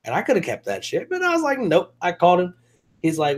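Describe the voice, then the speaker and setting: A man's voice: fairly high pitch, sing-song, fast talker, slightly rough. A man hosting a casual show, telling loose, profane stories and laughing often. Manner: swearing, laughing storyteller. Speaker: show host. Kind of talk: casual chat.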